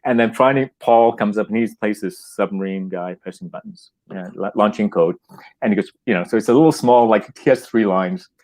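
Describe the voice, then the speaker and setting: A middle-aged Canadian playwright and actor tells an anecdote in a casual, animated way. His voice is on the low side and a little fast. He laughs, acts out quotes, and restarts often.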